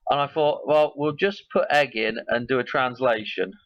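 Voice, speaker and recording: A medium-pitched man talks at a moderate pace while hosting his own video, musing in a casual, rambling way as one idea leads to the next. The recording is dry, with the highs cut off.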